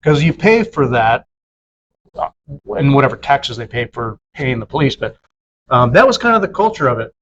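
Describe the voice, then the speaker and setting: A man's voice: medium pitch, sing-song, normal speed, long pauses, fairly bright tone, lo-fi sound, a little hiss or hum. A man in casual podcast chat, rambling with many fillers and acting out quoted dialogue in a raised voice. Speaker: podcast co-host.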